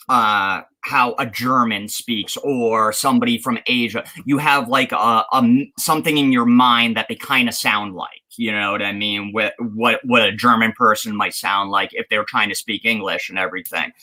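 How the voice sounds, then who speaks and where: A man's voice: medium pitch, normal speed, bright, forceful tone, poor audio. A man from the United States co-hosting a podcast in casual chat, rambling with many restarts and fillers. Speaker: podcast co-host.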